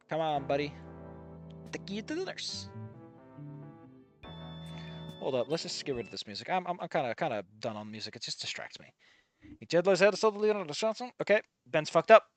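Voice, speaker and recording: A man's voice: sits high, fairly bright tone. A man reading a story aloud and commenting on it in a rambling, casual way, cursing freely and breaking off mid-thought. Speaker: fan fiction reader and commentator.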